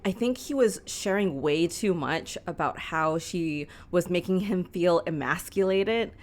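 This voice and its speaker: A woman in her thirties co-hosting a podcast in casual chat, talkative and quick to laugh. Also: fairly low pitch, lively intonation. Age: 30s. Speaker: podcast co-host.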